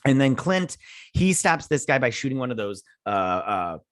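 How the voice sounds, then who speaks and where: A man recaps a TV episode in a loose, rambling way, full of ums and uhs. His voice sits at an ordinary middle pitch. The sound is close and dry, with no room around it. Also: normal speed, dry recording. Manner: rambling, many fillers, quotes characters in a flat voice. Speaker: show host reviewing a TV episode. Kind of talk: casual recap and review.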